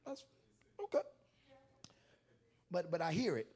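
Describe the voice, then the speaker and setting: A male pastor preaching a sermon with comic stories, animated, with stammering restarts that build into shouts. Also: fairly high pitch, unhurried, breathy edge.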